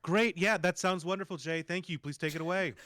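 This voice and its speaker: A man's voice: high-pitched, a little fast, fairly bright tone. A man co-hosting a stream with casual commentary, dry and laid-back in his asides. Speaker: co-host of a tournament stream.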